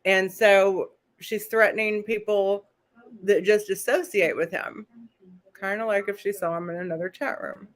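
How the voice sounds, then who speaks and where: A woman's voice: medium pitch, fairly even intonation, a little slow. Chatty woman recapping a documentary. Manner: chatty, reads letters aloud. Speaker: host. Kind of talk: casual live recap.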